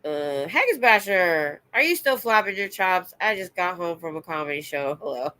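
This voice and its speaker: A woman with a stuffy nose, hosting a casual late-night livestream, chatting loudly, laughing often and reading out comments. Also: fairly low pitch, expressive, normal speed. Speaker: livestream host. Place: home.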